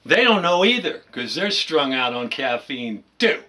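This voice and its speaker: A man's voice: medium pitch, sing-song, a little slow, sharp tone. A man delivering a profane, sarcastic rant as a vlogger, mocking as he goes. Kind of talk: ranting monologue to camera.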